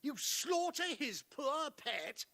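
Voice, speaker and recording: An arrogant nobleman in a game cutscene, his voice high, bright and sweeping. He speaks slowly, dripping with haughty disdain for those beneath him. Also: very animated, vocal fry, full character voice. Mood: indignant. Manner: haughty, theatrical and indignant. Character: arrogant, pompous nobleman father. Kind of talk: video game cutscene acting.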